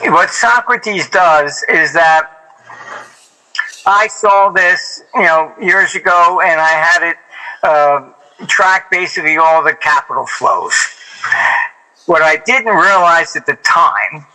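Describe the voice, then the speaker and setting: An older man who once managed a hedge fund shares anecdotes as an interview guest. His voice is slightly high, slow, bright and forceful, and he talks casually and ramblingly with plenty of fillers and restarts; the recording is rough.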